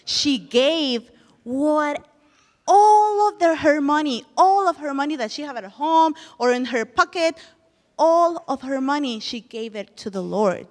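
High, lively woman telling children a Bible story. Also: measured pace, long reverb tail. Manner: animated, asks children questions. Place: church.

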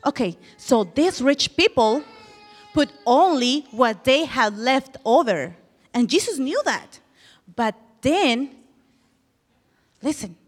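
A woman with a high, very expressive voice leads a children's Bible lesson. She speaks slowly and animatedly, stopping often to question her young listeners. The sound carries the long echo of a church hall.

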